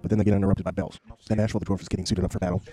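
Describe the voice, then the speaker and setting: A man's voice: deep voice, level tone, rapid-fire, mellow. A young man narrating a flippant, sarcastic comedy recap in a joking tone. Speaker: recap video host.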